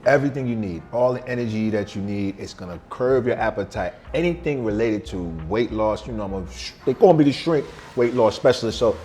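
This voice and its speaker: A man's voice: fairly low pitch, brisk, hardly any pauses, a little mellow, faint music behind. A man in his forties or older, a vegan chef, talking casually and boastfully in loose street slang during an interview over a meal in a restaurant. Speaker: vegan chef and weight loss guest.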